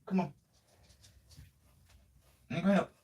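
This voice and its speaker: A man's voice: slow, a little mellow, recorded from a distance. A man chiming in with teasing remarks from the side during a livestream. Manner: teasing interjections. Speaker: host's partner chiming in. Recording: voice off-mic from across the room.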